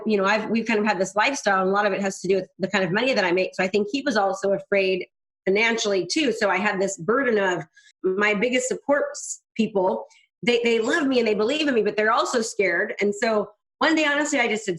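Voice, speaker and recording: A woman's voice: medium pitch, quick pace. A woman guest, a business coach, telling stories candidly and animatedly, often acting out what people said. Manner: animated, frank, quotes herself and others in voices. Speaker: real estate coach and guest. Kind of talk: candid storytelling interview.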